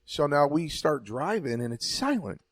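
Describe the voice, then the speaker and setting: A man's voice: fairly high pitch, sing-song, normal speed, dry recording. A man, a former wrestler and podcast co-host, telling a long story in a rambling, profane way with stumbling restarts. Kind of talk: casual storytelling banter.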